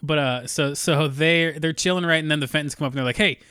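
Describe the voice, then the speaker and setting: A man's voice: a little high, fast talker, sharp tone, clean tone, dry recording, clean studio sound. A man co-hosting a casual podcast, joking around and swearing freely as he walks through an episode. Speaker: podcast co-host.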